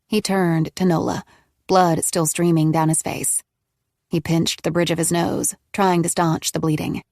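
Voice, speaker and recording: Low-voiced woman narrating a thriller. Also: measured pace, creaky, no echo, clean studio sound. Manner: steady, even storytelling. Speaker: audiobook narrator. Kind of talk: scripted narration.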